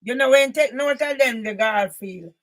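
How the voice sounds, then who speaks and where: A high-pitched woman ranting straight at someone she is angry with. She is confrontational and keeps hammering her points home, sometimes bursting out loudly. The recording is an author and campaigner's monologue video. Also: normal speed. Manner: angry and confrontational, repeated emphatic loud bursts. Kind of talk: ranting monologue addressed to one person.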